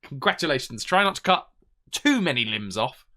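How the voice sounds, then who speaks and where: A man's voice: mid-range voice, sing-song, normal speed, sharp tone. A man, chatting casually on a live game stream, thinking aloud and reading out viewer messages.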